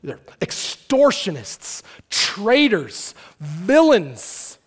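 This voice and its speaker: Animated pastor, high voice, reverberant hall. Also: male voice, moderate pace. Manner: animated, conversational, acts out characters with shouts and asides. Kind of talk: sermon.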